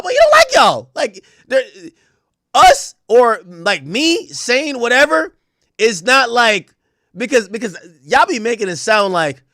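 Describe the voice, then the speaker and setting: A man with a high, very lively voice rants on stream in emphatic, slangy commentary. The sound is dry and close, with no room around it. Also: dry recording. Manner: animated, emphatic, laughs often, slangy. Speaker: streamer host. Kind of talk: heated casual commentary.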